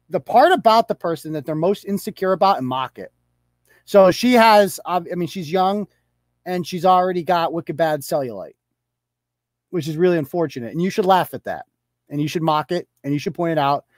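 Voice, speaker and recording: A man's voice: fairly high pitch, dry recording, studio quality. A man hosting a live commentary show, talking in a sarcastic, profane, mocking way. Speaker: host.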